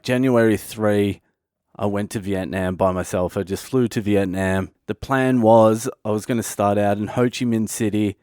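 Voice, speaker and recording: An Australian man in his thirties, a comedian hosting his own podcast, tells a comic story in a loose, profane style with an Australian accent. His voice is low, dark and smooth, in studio quality with no echo.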